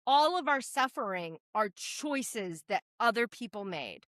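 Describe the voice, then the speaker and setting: A woman from New Hampshire, a state legislator, telling stories in a blunt, profane, animated way during a casual podcast chat. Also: fairly high pitch, a little slow, no room sound, clean studio sound. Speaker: state representative guest.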